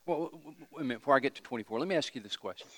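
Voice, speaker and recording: A man's voice: mid-range voice, animated, very fast, fairly bright tone, no echo, long reverb tail. A man pastor preaching a sermon, emphatic and putting questions to the congregation.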